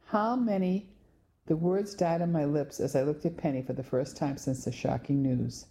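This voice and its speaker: A woman narrating a novel in the first person, telling the story in a clear, measured way. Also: very deep voice, warm tone. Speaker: audiobook narrator.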